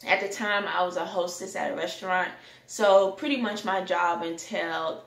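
A young adult woman telling a candid personal story in a rant, animated and sometimes breaking into song. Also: fairly low pitch, normal speed, gravelly. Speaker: vlogger. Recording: echoey room.

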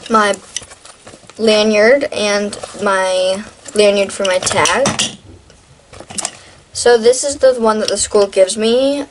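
A woman's voice: mid-range voice, a little hiss or hum, low-quality recording. A teenage girl in a casual show-and-tell vlog, talking in a chatty, rambling way with lots of fillers and restarts. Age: teens. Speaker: vlogger.

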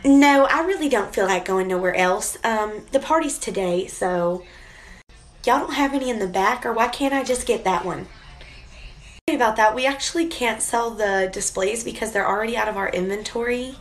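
A woman's voice: on the high side, moderate pace, lightly acted. A woman acting out both a polite store clerk and a pushy, demanding mother in a comedy skit. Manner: polite clerk, blunt insistent customer.

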